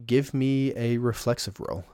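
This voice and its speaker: A man's voice: medium pitch, measured pace, smooth, no echo, studio quality. A man running a tabletop game as game master, describing scenes and calling for rolls. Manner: descriptive, relaxed, rolls of dice.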